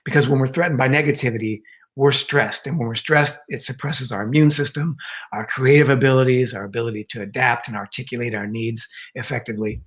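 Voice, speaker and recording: An older man calmly explaining ideas as a guest on an online panel talk. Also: mid-range voice, a little fast, poor audio. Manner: calm, explanatory, with acted quotes.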